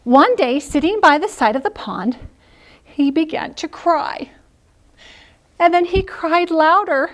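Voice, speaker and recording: A woman music teacher explaining song tales and then telling an expressive story to a group of preschool children. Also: sits high, takes it slowly, long pauses. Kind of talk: instructional narration and storytelling to preschoolers.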